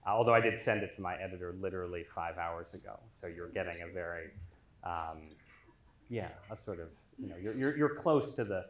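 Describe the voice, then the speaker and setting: A man's voice: deep voice, a little fast. Self-deprecating man speaking in a hall. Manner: self-deprecating, joking, with filler ums. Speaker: featured dinner speaker. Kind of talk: after-dinner lecture. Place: large dining hall. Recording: echoey hall with faint noise.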